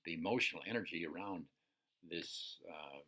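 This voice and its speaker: A man's voice: low voice, normal speed, sharp tone. A man coaching listeners in a casual, unscripted teaching talk, profane and checking in with "right?" often. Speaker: personal development coach.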